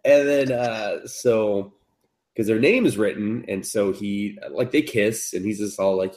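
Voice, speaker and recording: On a podcast, a co-host with a fairly low, unhurried voice recaps an anime episode for a friend in a loose, profane chat. His retelling is animated, and he repeatedly jumps into squeaky, high voices to act out the characters' lines before returning to his easy, plain tone.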